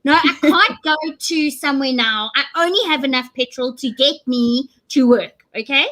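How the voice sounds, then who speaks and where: A woman with a South African accent, chatting casually with lively, jokey asides. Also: high voice, moderate pace. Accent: South African English. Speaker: co-host. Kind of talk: casual chat.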